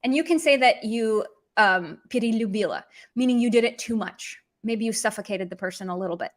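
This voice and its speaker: A woman giving an online language lesson in a slightly high voice. She explains things in a chatty, informal way and slips into sarcastic tones to act out her examples. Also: a little fast. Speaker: language teacher.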